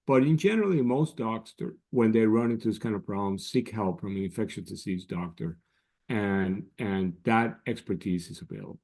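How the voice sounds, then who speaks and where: Low-voiced man explaining calmly. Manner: measured, explanatory, frequent restarts. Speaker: guest scientist. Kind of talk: interview answers.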